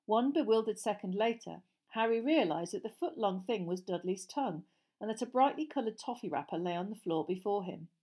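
Woman, audiobook narrator, storybook reading, steady, clear, mid-pitched. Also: a little fast.

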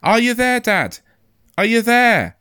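A man voicing a frightened young boy who calls out high and pleading for his father. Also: very animated, moderate pace, full character voice. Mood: pleading, shouting.

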